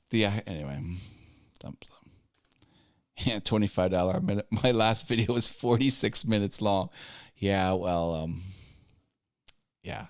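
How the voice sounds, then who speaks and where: Speaking smoothly in a low voice at a measured pace, this YouTube live show host pauses often. His casual stream wanders, with self-interruptions, restarted sentences, and laughter at his own jokes.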